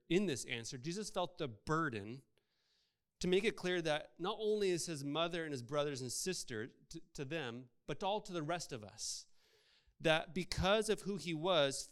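A man's voice: fairly high pitch, fairly bright tone, clean tone. A man preaching a sermon, conversational, asking his congregation rhetorical questions. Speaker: pastor.

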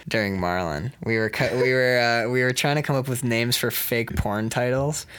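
A man's voice: medium pitch, moderate pace, clear, resonant tone. A young man in casual chat, telling rambling, joking stories with a lot of laughter. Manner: rambling, jokey, lively storytelling.

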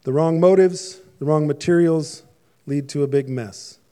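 Chatty, joking pastor with a raised voice. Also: male voice, a little high, measured pace, dark tone, smooth. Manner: conversational, jokey, with asides. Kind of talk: sermon.

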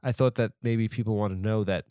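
A man's voice: fairly low pitch, steady tone, brisk, mellow, clear, resonant tone, no room sound, clean studio sound. A man in his forties hosting a comedy podcast, rambling and self-mocking with lots of fillers and restarts. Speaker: podcast host.

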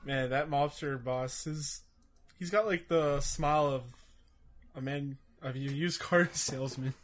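A man's voice: on the high side, unhurried. A man chatting casually, making amused remarks and laughing often. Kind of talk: casual chat.

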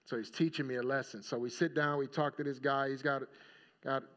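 A man's voice: mid-range voice, fairly even intonation, fairly quick, fairly bright tone. A male pastor giving a sermon in a casual storytelling manner, often checking in with the congregation. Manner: conversational storytelling, checking in with "right?". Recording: dull lo-fi recording.

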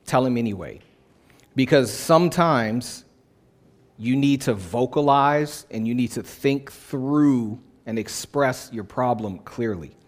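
A man's voice: mid-range voice, takes it slowly. A male pastor preaching a sermon in a conversational way, repeating phrases for emphasis.

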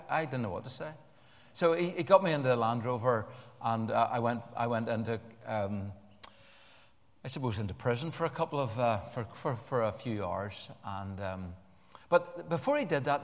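An older man preaching a sermon to a congregation in an animated way, repeating words and joking with the listeners. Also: medium pitch. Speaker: pastor. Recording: long church-hall reverb.

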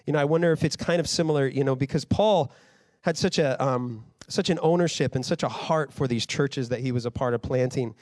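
A man's voice: medium pitch, a little fast, a little mellow, no echo, clean studio sound. A man in his thirties preaching a sermon in a conversational way, rising to fired-up emphasis. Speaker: pastor.

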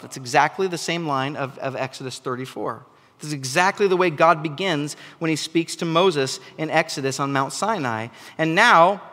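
Animated preacher man in a reverberant hall. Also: fairly high pitch. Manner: animated, rising to emphatic bursts. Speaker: pastor. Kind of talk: sermon.

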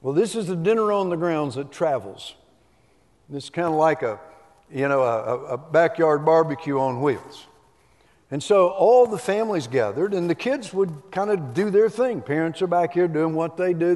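A middle-aged male pastor preaches in a folksy, storytelling way, slipping in humor as he goes. His voice sits a touch high for a man. Long reverb trails each phrase, as in a big church hall. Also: darkish tone. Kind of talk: sermon. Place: church sanctuary.

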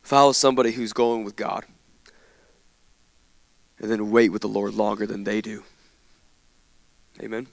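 A man's voice: fairly low pitch, level tone, unhurried, gravelly, long pauses, dry recording. A man, preaching a sermon and leading his church in fervent prayer. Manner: impassioned, builds to fervent declarations in prayer. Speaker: pastor. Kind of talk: sermon with scripture reading and prayer. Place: church sanctuary.

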